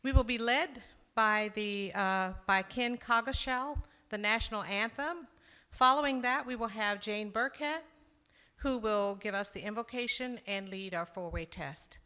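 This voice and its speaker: A woman's voice: medium pitch, a little slow, pushed and bright, clear, resonant tone. A woman leading a club meeting, announcing the program and speakers in turn. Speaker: meeting leader. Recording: echoey hall.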